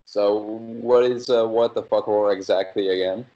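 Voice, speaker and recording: Low deep guy, hesitant, lots of ums, muffled lo-fi mic. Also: fairly even intonation, normal speed, warm tone. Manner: hesitant, thoughtful, filler-heavy. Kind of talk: casual chat.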